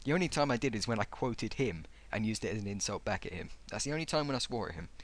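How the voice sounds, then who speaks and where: A man's voice: lowish voice, animated, fast talker. A man reading out online comments and mocking them, sarcastic and exasperated.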